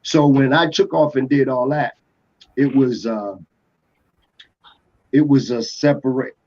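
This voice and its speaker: A music producer from Atlanta telling a rambling story in a casual interview, full of restarts and fillers. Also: male voice, medium pitch, fairly even intonation, a little slow, a little mellow. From Atlanta, USA. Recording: dull lo-fi podcast audio.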